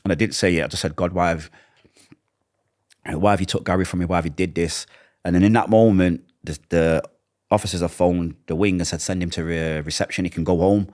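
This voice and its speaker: A low-voiced man with a Mancunian accent recounts his past at a quick, tumbling pace. He is middle-aged and acts out each exchange as he tells it, shifting into the voices of the people he is quoting. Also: fairly even intonation, a little mellow. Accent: Mancunian English. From Manchester, England. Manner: emotional, vivid retelling with acted-out dialogue. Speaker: interview guest. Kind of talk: personal storytelling in an interview.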